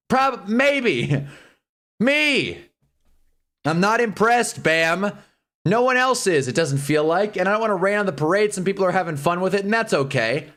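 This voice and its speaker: A man's voice: high-pitched, fairly bright tone. A man hosting a live sports stream, ranting heatedly and swearing freely between casual asides. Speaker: streamer host. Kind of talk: livestream sports talk.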